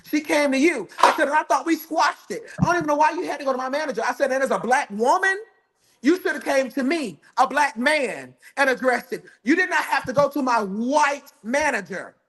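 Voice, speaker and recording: A man with a notably high voice tells a comic story. He is sassy and profane and talks in an animated way. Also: a little fast. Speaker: guest telling a story. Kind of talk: comedic storytelling.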